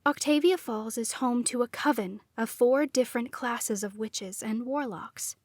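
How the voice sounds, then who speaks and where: A woman narrator voicing a gentle, serious elderly grandmother who is a witch, speaking softly and slowly. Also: fairly high pitch, dry recording, clean studio sound. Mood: grave.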